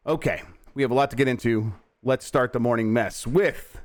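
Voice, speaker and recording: Guy hosting a morning gaming show, bouncy pitch, goofy and laughing a lot. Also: fairly quick, few pauses. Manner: animated, jokey, frequent "uh" and laughs. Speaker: host.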